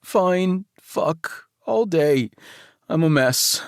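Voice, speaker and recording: A man's voice: medium pitch, lively intonation, a little slow, darkish tone, no echo, clean studio sound. A male audiobook narrator voicing a sweet, emotional young man. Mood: tearful. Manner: sweet, tearful, giddy.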